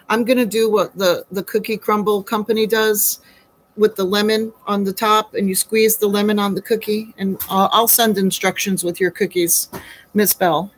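A woman's voice: mid-range voice, poor audio. A woman hosting a chatty baking demo from her home kitchen, asking rhetorical questions and calling her viewers sweetie and honey. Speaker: home baker and host.

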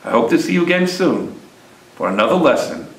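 A man in his fifties tells a personal story as a religious teaching, and his voice climbs and dips a great deal as he acts out the people in it. His voice sits fairly high for a man. The room gives it a noticeable echo. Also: very animated, a little fast. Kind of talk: storytelling lesson.

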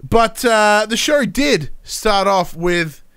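A young man co-hosting a casual podcast chat, talking with high energy and enthusiasm. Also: animated, slow, fairly bright tone, smooth. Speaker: podcast co-host.

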